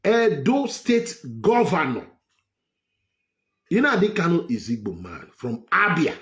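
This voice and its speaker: A man's voice: a little high, big pitch swings, slow pace. A man from Edo State with a Nigerian accent and Pidgin phrases, ranting to camera in a heated, repetitive way. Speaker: vlogger. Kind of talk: political rant to camera.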